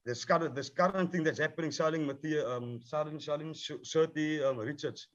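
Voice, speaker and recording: A man speaks heatedly about his craft, swearing freely and circling back over his points. His voice sits a bit high for a man. The sound is dull and muffled, as if it came over a video call. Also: fairly quick. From South Africa. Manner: passionate, profane, repeats himself. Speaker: rapper, film subject. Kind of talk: heated panel discussion.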